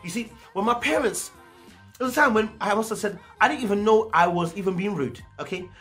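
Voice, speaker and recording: Animated London man riffing on parenting. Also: sits high, a little fast, faint music behind. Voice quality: animated, slangy, acts out parents' voices. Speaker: reviewer of a discussion show. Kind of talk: casual commentary monologue.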